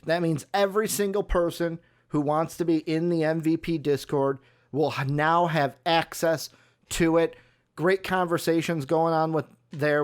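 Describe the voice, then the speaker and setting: A man hosting a live sports talk show, running through announcements in an upbeat way with some fillers. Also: on the high side. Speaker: show host.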